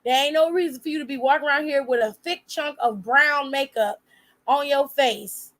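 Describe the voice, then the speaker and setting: A woman's voice: high-pitched, moderate pace, a bit bright. A woman giving blunt, sassy and profane casual commentary as a vlog host. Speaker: wrestling commentary vlogger.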